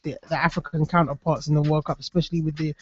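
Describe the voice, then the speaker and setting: A man's voice: on the high side, flat delivery, quick pace, muffled recording. A man co-hosting a live football podcast, chatty and laughing, hesitant with many fillers, heard over call audio. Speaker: co-host.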